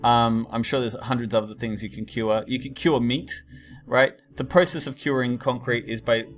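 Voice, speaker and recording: A male teacher gives a relaxed classroom lecture in a middle-pitched voice. He talks casually, wanders into asides and fills gaps with ums. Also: moderate pace. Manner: casual, digressive, many fillers.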